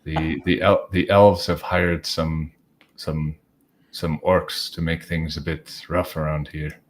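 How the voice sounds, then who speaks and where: A man's voice: extremely low pitch, level tone, slow pace, slight background noise. A man voicing a weary, blunt dwarf bartender in a fantasy tavern.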